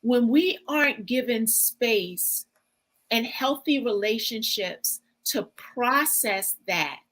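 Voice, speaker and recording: A woman coach explaining her ideas in a slow, deliberate interview. Her voice sits a little high, and she takes her time over each point. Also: animated, fairly bright tone, poor audio. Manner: measured, explanatory. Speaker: guest speaker, relational coach. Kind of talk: interview answer.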